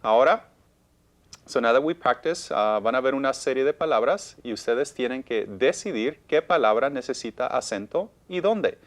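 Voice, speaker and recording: A man's voice: medium pitch, lively intonation, brisk. A man teaching a bilingual televised Spanish lesson, encouraging and checking in with students with frequent okays.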